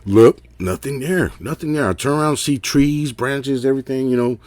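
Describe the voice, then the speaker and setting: A man's voice: mid-range voice, normal speed, a little mellow, dry recording. A middle-aged man tells a story in a casual, rambling way, full of fillers and asking "right?". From Texas. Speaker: caller sharing an encounter.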